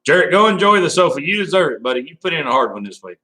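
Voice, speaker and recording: A man's voice: fairly high pitch, sing-song, fast talker, bright, forceful tone, low-quality recording. A man hosting a casual live stream, rambling and laughing as he talks to viewers by name.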